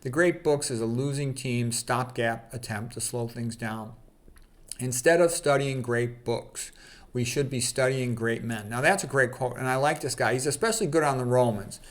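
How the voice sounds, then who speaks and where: A man's voice: mid-range voice, normal speed. Casual man reading quotes aloud. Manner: conversational, fillers like "okay" and "you know", opinionated asides. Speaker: channel host.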